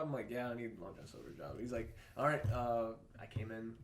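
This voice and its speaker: An excitable young man on a casual podcast, laughing and swearing as he talks at a mid pitch. The room has a clear echo, with faint noise underneath. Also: a little fast. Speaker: podcast co-host. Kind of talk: casual chat.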